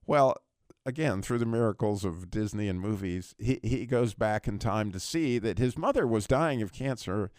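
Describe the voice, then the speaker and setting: A man's voice: lowish voice, normal speed, a little mellow, no room sound, clean studio sound. A man hosting Christian talk radio, earnestly retelling a film scene and stumbling over repeated words. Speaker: radio talk show host.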